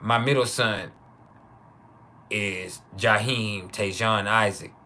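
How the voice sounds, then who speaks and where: A man's voice: on the low side, steady tone, sharp tone, slight background noise. A man hosting a casual live stream, joking and laughing often as he chats with viewers. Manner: loose, joking, laughs often, drawn-out names. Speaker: livestream host.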